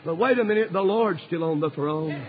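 A man's voice: fairly high pitch, fairly quick, breathy edge. A male preacher, preaching an impassioned storytelling sermon full of "uh" fillers. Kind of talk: fervent sermon. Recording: dull recording with long hall reverb.

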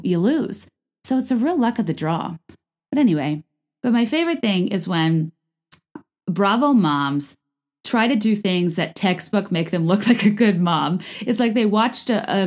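Woman podcast host, casual and rambling, lots of fillers, pitch leaps for emphasis. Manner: chatty, rambling, many fillers and restarts; lively jumps in pitch for emphasis. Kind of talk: casual chat about reality TV.

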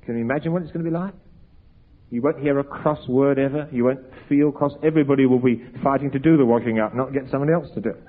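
A man's voice: mid-range voice, quick pace. A man preaching an evangelistic sermon, earnest and pleading, pressing his listeners with questions. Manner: earnest, pleading, rising to emphatic peaks. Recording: tinny, phone-like lo-fi recording.

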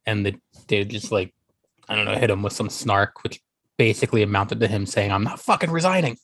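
A man's voice: on the low side, level tone, fairly quick, creaky, fairly bright tone. A man in a casual podcast chat, rambling and hesitant with many fillers.

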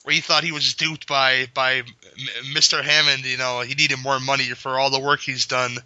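A man's voice: mid-range voice, flat delivery, moderate pace, pushed and bright, clear, resonant tone. A man co-hosting a casual movie chat, laid-back and teasing, who swears a lot. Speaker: podcast co-host. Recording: dry, dull lo-fi recording.

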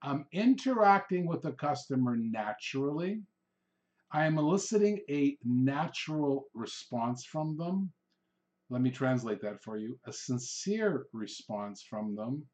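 A man's voice: medium pitch, animated, unhurried, darkish tone. Man, middle-aged, mid-range voice, instructional talk, conversational, acts out customer exchanges. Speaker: real estate trainer, podcast host.

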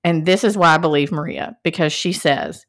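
A woman co-hosting a podcast in casual chat, recapping a reality show and acting out what people said with big jumps in pitch. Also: normal speed. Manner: animated, acts out quotes with big pitch jumps. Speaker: podcast co-host.

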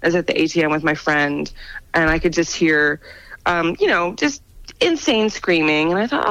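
Chatty woman with a soft Atlantic Canadian accent. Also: on the low side, brisk, no echo, rough recording. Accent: Atlantic Canadian, softened. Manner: chatty storyteller, animated quoting. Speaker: actor and guest. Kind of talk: casual radio chat.

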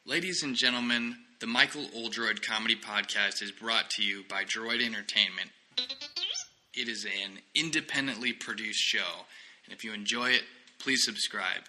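Guy doing a jokey podcast intro, real bright sharp tone, kinda low. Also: moderate pace, soft background music, poor audio. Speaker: podcast announcer. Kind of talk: joking show intro.

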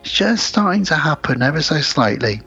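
A man's voice: fairly high pitch, big pitch swings, moderate pace, sharp tone, breathy edge. A man, co-hosting a podcast, who casually retells film scenes in detail. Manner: retells scenes, often quoting characters. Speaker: podcast co-host. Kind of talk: casual film recap chat. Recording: slightly dull podcast audio with faint music.

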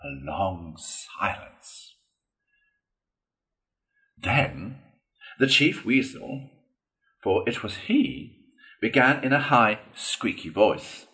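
A man's voice: fairly low pitch, animated, drawn-out words, long pauses, sharp tone. Man reading a classic storybook aloud. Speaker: audiobook reader. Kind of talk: storybook narration.

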